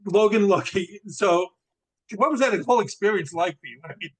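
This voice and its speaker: A male interviewer with a high voice asks his guest questions with keen emphasis. His pitch sits well above most men's, and his manner is conversational and enthusiastic. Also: normal speed, low-quality recording.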